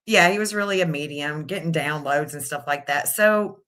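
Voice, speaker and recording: Bright, lowish woman rambling live to chat, reading stuff off the screen as she goes. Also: moderate pace. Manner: rambling, thinks aloud, reads out searches. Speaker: live stream astrology reader. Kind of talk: casual live stream chat.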